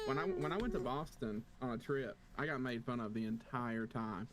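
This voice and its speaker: A man's voice: mid-range voice, moderate pace, noisy background. A man from Tennessee with a Southern drawl, chatting in an easygoing way and laughing often. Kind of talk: casual chat.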